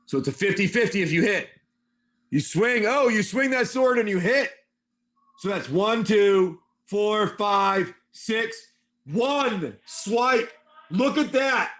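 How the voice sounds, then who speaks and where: A man hosting a live stream and narrating a tabletop game with animated, excitable storytelling. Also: high voice, slow.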